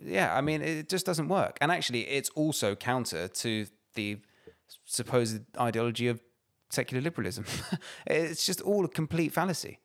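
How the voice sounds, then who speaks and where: A man's voice: medium pitch, animated, normal speed. A man co-hosting a podcast, talking politics in a heated, emphatic way and swearing freely. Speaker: podcast co-host. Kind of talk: casual political chat.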